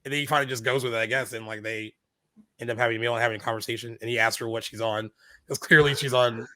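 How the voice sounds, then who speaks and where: Bright-voiced man in casual movie chat. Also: medium pitch, rapid-fire, dry recording. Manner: animated retelling, acts out lines in quoted voices. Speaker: podcast co-host.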